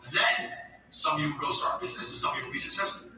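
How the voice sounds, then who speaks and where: Profane ranting man, echoey and bright. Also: mid-range voice, huge pitch swings, racing. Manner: profane, blunt, emphatic. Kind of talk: ranting monologue. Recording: echoey, distant, music behind.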